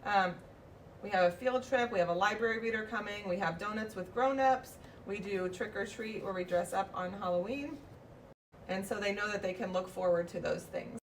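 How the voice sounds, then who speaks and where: A woman's voice: mid-range voice, moderate pace. Preschool teacher, a woman heard from a distance. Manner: slips into a sing-song teacher voice for demonstrations. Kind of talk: explaining a classroom routine. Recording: distant mic, faint background noise.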